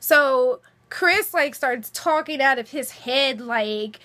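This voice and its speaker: Brief: woman, high and bright voice, chatty show recapper, animated asides. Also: slow pace. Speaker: TV episode recapper. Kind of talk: casual episode recap.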